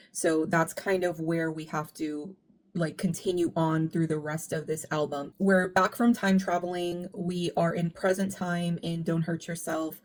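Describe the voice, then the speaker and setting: Woman doing an album breakdown vlog, slightly low voice, earnest and thoughtful, rushes ahead when she gets into it. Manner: earnest and reflective, speeding up when animated. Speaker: music commentary YouTuber. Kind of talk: casual analytical commentary.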